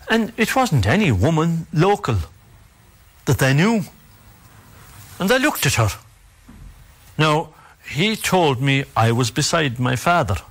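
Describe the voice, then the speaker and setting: A man with an Irish accent telling an oral folk tale in a measured, dramatic way, with repetitions and pauses. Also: medium pitch. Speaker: storyteller.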